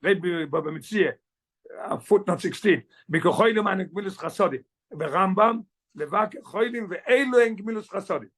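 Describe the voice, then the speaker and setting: A man, a rabbi, teaching a Torah class, explaining the text quickly and switching languages mid-sentence. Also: sits high, a bit bright. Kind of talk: Torah class, mixing English and Yiddish.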